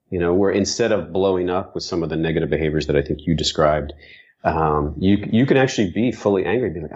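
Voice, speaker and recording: A man's voice: sits low, fast, a little mellow, slightly rough, dull audio. A man as guest co-host, speaking in an earnest, frank way and swearing for emphasis in casual conversation.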